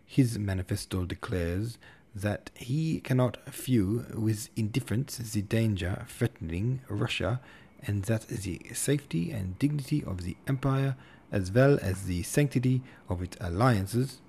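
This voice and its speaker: A man voicing a stocky, pompous old hussar colonel with a German accent, speaking slowly and stressing his words. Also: lowish voice, gravelly, warm tone, husky, full character voice. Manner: slow, emphatic, over-stressing words.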